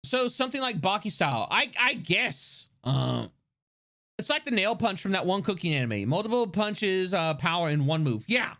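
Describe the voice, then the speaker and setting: Lively, rambling livestream chatter. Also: medium pitch, moderate pace. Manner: rambling, full of fillers and restarts; excitable, laughs often. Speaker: streamer. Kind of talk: casual livestream chat.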